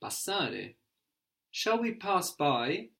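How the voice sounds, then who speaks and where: A man teaching a guided language lesson, asking prompting questions and slowing down to model phrases. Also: a little high, very animated, creaky, fairly bright tone.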